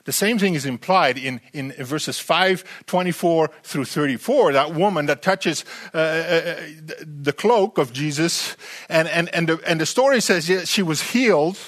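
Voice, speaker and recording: A man preaching a sermon, animated and full of rhetorical questions to the congregation, often repeating words as he restarts. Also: fairly high pitch, moderate pace.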